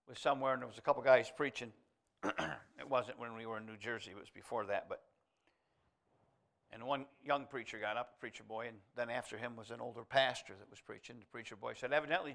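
A male preacher giving a sermon, reading scripture aloud and moving from quiet asides to loud, emphatic declarations. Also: medium pitch, creaky. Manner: reads scripture aloud in King James wording.

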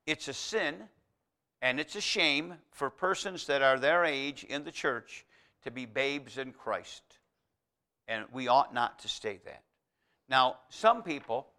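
A male preacher with a bright, forward tone gives a homey, conversational sermon. He breaks off into asides and restarts, then climbs into loud, emphatic exhortation. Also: medium pitch, clear, resonant tone.

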